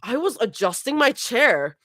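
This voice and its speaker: A woman's voice: on the high side, big pitch swings, measured pace, fairly bright tone, pitched above the performer's own voice, heavily acted. A woman reading a fan story aloud, voicing a cheeky young woman who chimes in. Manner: cheeky, chiming in.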